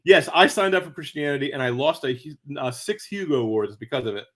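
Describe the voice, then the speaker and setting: Guy telling a story in an interview, gets all animated and squeaky when he quotes people, laughs here and there. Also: brisk. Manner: animated, jumps to high excited pitch acting out quoted voices; chuckles mid-sentence, stammered restarts. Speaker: guest author.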